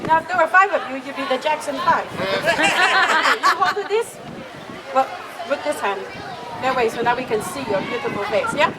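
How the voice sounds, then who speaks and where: La Befana, a woman acting a high, chatty old Italian woman. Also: moderate pace, pauses often. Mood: coaxing children. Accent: put-on Italian. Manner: animated, chatty, laughs often, talks to the audience. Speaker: storyteller. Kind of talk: live storytelling in character for children. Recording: crowd and noise of a live outdoor event.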